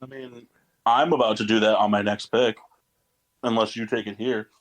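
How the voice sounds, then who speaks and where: A man's voice: lowish voice, fairly even intonation, moderate pace. Swearing, mock-outraged young man. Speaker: podcast co-host. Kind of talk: casual chat among friends.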